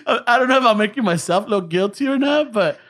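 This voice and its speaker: Man, fairly high voice, casual storytelling, laughs and swears a lot. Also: fast. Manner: animated, switches between English and Spanish, swears, laughs often.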